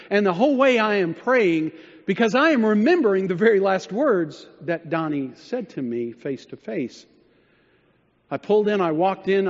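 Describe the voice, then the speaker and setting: A man preaching a sermon, telling a story and dropping low and quiet when he quotes others. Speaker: pastor. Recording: dull sound in a reverberant hall.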